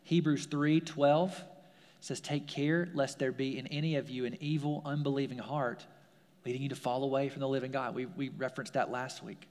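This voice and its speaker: A man's voice: mid-range voice, steady tone, normal speed, a little mellow, long reverb tail. A man, a pastor, preaching a sermon in a casual, conversational way, full of fillers and repeated phrases. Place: church sanctuary.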